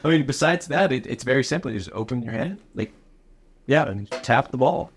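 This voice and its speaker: A man's voice: mid-range voice, lively intonation, fairly quick. A man co-hosting a podcast in casual chat, joking and teasing his friend. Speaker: podcast co-host. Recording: noisy background.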